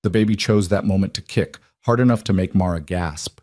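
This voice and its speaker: A man narrating a scripted romance story in a measured, dramatic way. His voice sits on the low side, and the sound is dry and close. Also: a little mellow, no room sound.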